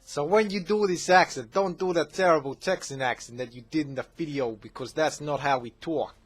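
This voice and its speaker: A man's voice: fairly high pitch, a little fast, breathy edge, voice pushed up. A man putting on a mock New Jersey accent to read out a viewer's message as a brash, friendly young guy.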